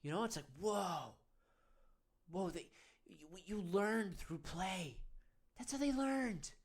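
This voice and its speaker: A man's voice: high-pitched, expressive, takes it slowly, full character voice. Earnest guru guy played by a man, coaxing, rambling, voice swoops up and down a lot. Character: earnest self-serious male men's-wellness guru. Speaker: men's meditation guide. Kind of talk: comedic parody of guided meditation.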